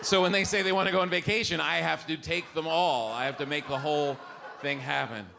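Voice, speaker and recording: A middle-aged man performs stand-up on a club stage, his voice sitting high for a man. He tells stories with animated energy, slipping into the voices of his family. The live room is noisy behind him. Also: a little fast, gravelly. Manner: animated storytelling, acting out family members' voices. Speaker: stand-up comedian.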